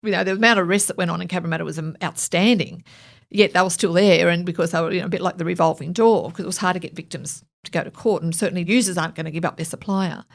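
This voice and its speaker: A woman's voice: lowish voice, steady tone, quick pace, gravelly. A middle-aged woman and former police officer, telling stories as a guest in an interview, acting out quoted dialogue with frequent laughter. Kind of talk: storytelling in a podcast interview.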